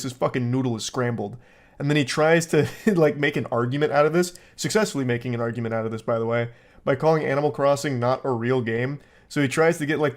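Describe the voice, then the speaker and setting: A man riffs on a stranger's text messages in dry, sarcastic commentary, swearing freely as he goes. His voice sits at an ordinary middle pitch, and his tone is deadpan and amused. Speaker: commentary host.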